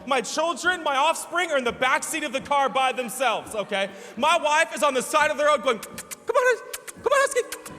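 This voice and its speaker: A man preaching a sermon as pastor, telling a lively story with laughter and playful imitations. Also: extremely high pitch, fairly quick, few pauses. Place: church sanctuary. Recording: church hall reverb.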